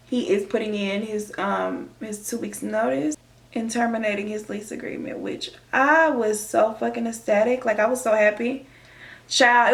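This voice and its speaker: A young woman vlogger telling a dramatic, profane storytime while doing her makeup, animated and expressive. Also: mid-range voice, vocal fry. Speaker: beauty vlogger. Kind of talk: storytime chat during a makeup tutorial.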